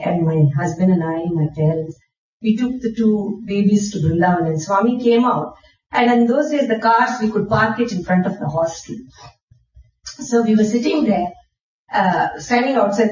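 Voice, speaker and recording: A middle-aged woman, giving a personal testimony talk and telling stories with soft laughs and many fillers. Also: a little high. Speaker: guest speaker. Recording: echoey hall, distant dull mic.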